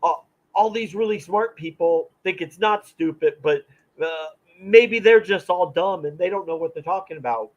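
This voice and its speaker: A man co-hosting a podcast, with a fairly high voice for a man. He mocks the other side and mimics them in a put-on tone. The audio is dull and lo-fi. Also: moderate pace. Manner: mocking, mimics opponents in a silly voice. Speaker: podcast co-host. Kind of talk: casual ranting chat.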